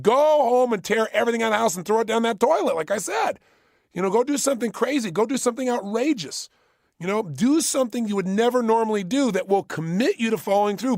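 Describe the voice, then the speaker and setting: A man speaks in a high-pitched, rough-edged voice, delivering a motivational workshop talk. He is punchy and insistent, driving points home through repetition. The sound is close and dry, with no room echo. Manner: emphatic, punchy, repeats key phrases.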